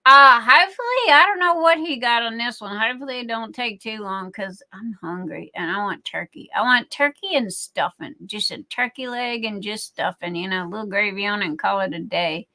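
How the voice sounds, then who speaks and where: A woman's voice: medium pitch, normal speed, hardly any pauses, sharp tone. A middle-aged woman hosting a livestream, chatting in a rambling way full of fillers and restarts. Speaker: livestream host. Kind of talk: casual chat.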